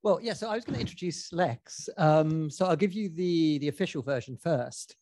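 A man's voice: on the high side, normal speed, darkish tone, dry recording. Hesitant man introducing a guest. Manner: hesitant, lots of uh fillers. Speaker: podcast co-host. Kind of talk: live event introduction. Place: library event room, live audience.

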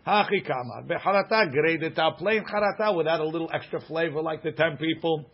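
A man teaching a Talmud class, reading passages aloud and quickly explaining them in English with everyday examples. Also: fairly high pitch, muffled recording.

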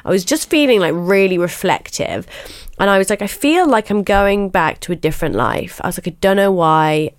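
A young woman telling her own story frankly in a podcast interview, chatty and animated, filling her talk with "like" and the odd swear word. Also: medium pitch, normal speed, no room sound, clean studio sound. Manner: chatty, animated, peppers speech with "like", swears casually. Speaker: podcast host, guest being interviewed. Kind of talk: candid storytelling.

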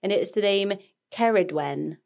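A woman co-hosting a podcast chats casually in a medium-pitched, gravelly, slightly mellow voice, taking her time. She giggles often and trails off mid-thought.

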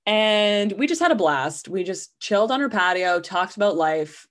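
A woman's voice: mid-range voice, sing-song, normal speed. A young woman hosting a podcast, telling stories in a rambling, chatty way full of "like" fillers. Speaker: podcast host. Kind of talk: casual storytelling monologue.

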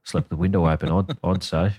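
A man's voice: low voice, fairly even intonation, fairly quick, a little mellow, husky, dry recording, clean studio sound. A man hosting a casual comedy podcast, sweary and sardonic as he tells a story. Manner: sweary, sardonic storytelling, reading quotes aloud. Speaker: podcast co-host.

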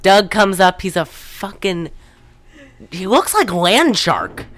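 A woman's voice: mid-range voice, sing-song, slow pace, fairly bright tone. A young woman recapping a movie in casual chat, rambling and profane, acting out the characters' lines. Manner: rambling, profane, acts out quotes.

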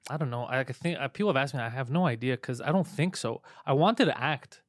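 A male stand-up comedian from Montreal telling animated, profane stories in a casual podcast chat. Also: medium pitch, dry recording, clean studio sound. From Montreal, Canada. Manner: rapid, profane, animated storytelling.

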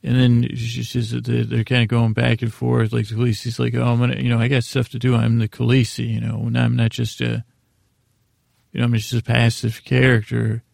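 A man's voice: medium pitch, completely flat delivery, fairly quick, gravelly, a little mellow, dry recording, clean studio sound. A man casually recapping a TV episode on a podcast, rambling and paraphrasing scenes with lots of fillers.

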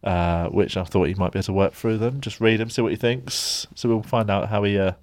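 A man's voice: fairly low pitch, steady tone, a little fast, darkish tone. A man co-hosting a casual podcast, teasing and laughing often. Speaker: podcast co-host. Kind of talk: casual chat.

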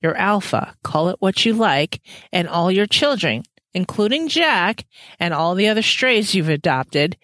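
A reader voicing an ancient, commanding vampire lord who speaks softly and with mocking calm, in a book read aloud. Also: mid-range voice, measured pace, no echo.

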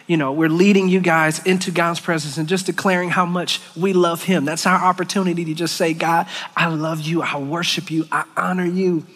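A man leading worship, giving an earnest, emotional sermon in a church, with halting restarts. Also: on the high side, a bit bright. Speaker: worship leader. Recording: long church hall reverb.

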